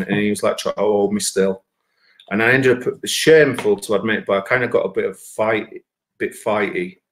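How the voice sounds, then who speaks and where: Sweary man telling a story. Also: lowish voice. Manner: sweary, animated, rises to shouts when quoting himself. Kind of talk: casual anecdote.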